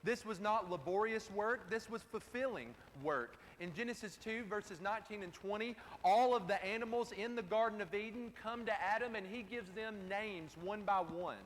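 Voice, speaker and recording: High-pitched guy preaching, keeps repeating his points, faint hiss, big room echo. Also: moderate pace, few pauses. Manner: emphatic, repeats key phrases. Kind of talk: sermon. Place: church sanctuary. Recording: distant, reverberant hall with faint ambience.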